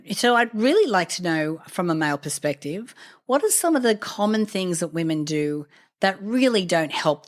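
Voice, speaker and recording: A woman with an Australian accent hosting an interview, friendly and quick to laugh. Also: on the low side. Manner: friendly, laughs easily, short agreeing replies. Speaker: host. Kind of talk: casual interview talk.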